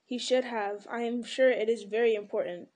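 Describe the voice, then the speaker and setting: A woman's voice: a little high, steady tone, moderate pace, darkish tone, close to an everyday voice. A woman reading aloud and voicing Pippin, a cheerful, curious young male hobbit, chatty and full of questions, near her own voice.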